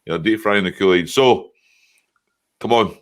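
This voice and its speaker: A man's voice: low-pitched, normal speed. A man joining a live stream, teasing and bantering in casual chat.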